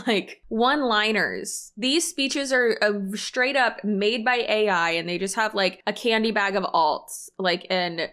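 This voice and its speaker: A woman's voice: medium pitch, a little slow, hardly any pauses, a bit bright. A woman hosting a reaction video, talking sarcastically and with disbelief about a speech she is watching. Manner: sarcastic, incredulous. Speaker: commentary host. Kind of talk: reaction commentary.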